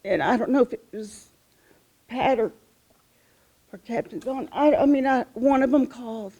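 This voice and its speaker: The recording is muffled as a middle-aged woman with a slightly high, mellow, husky voice speaks at a moderate pace. She's the widow of a fallen police officer, telling personal stories at an outdoor memorial, rambling and heartfelt with many restarts.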